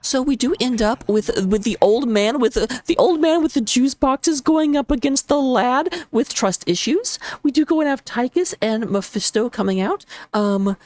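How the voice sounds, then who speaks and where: Rapid, excitable woman game caster. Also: fairly high pitch, no room sound. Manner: playful, jokey. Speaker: esports caster. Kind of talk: live game commentary on a stream.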